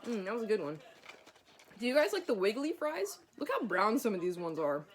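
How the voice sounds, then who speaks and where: Woman doing a mukbang vlog, mouth full of food, swears constantly, mid-pitched voice. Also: very animated, fairly quick, a little hiss or hum. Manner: crude, swears a lot. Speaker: mukbang vlogger. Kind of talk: casual eating vlog chat.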